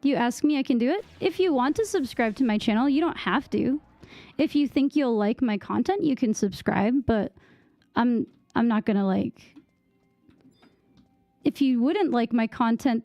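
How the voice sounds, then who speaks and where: A woman's voice: fairly high pitch, animated, normal speed, dark tone, no echo. A young American woman chatting casually with viewers on a game stream, giggling and trying out bits of French. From United States.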